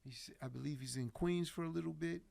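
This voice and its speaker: A man telling an animated story as a podcast guest, laughing often and acting out quotes. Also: fairly high pitch, brisk, gravelly. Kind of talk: casual storytelling chat.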